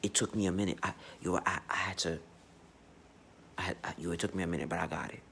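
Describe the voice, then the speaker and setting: Blunt, profane man with a lowish voice. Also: fairly even intonation, fast, gravelly, a bit bright, slight background noise. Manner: blunt, profane and emphatic, with frequent restarts. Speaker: astrology vlogger. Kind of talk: casual unscripted monologue.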